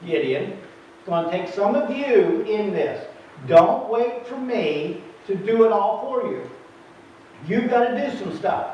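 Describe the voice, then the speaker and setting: A preacher with a high, bright voice delivers an animated sermon and acts out the lines of biblical figures. He is heard from a distance in a big, echoing room. The recording sounds dull and muffled. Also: unhurried, a little hiss or hum. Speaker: pastor. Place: church sanctuary.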